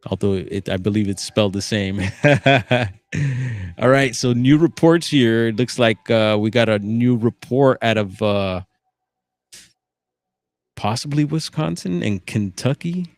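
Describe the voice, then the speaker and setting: Slow, low-voiced man hosting a livestream. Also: no echo. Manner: relaxed, musing asides while reading aloud. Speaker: livestream host reading sighting reports. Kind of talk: casual live commentary.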